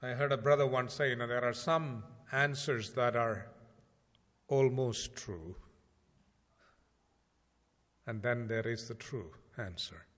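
A man preaching a sermon in a conversational way, asking rhetorical questions and swinging between loud emphasis and quiet asides. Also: mid-range voice, steady tone, moderate pace, few pauses. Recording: long hall reverb.

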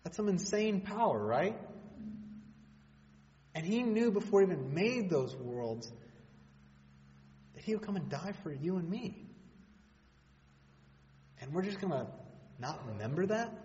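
Conversational preacher man, slightly high. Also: darkish tone, a little hiss or hum. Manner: conversational, with humorous asides and rhetorical questions. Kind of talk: sermon. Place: church hall. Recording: dull sound with long hall reverb.

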